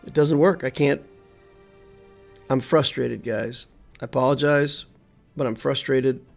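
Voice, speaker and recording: A man's voice: mid-range voice, fairly even intonation, measured pace, creaky, soft background music. A man streaming a video game, commenting live and thinking aloud as he plays, often muttering to himself.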